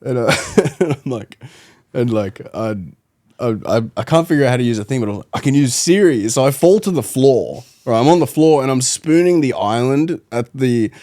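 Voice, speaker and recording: Animated man telling a story. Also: medium pitch, moderate pace. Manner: animated, acts out quotes in voices, laughs often. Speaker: podcast guest. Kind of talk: casual storytelling.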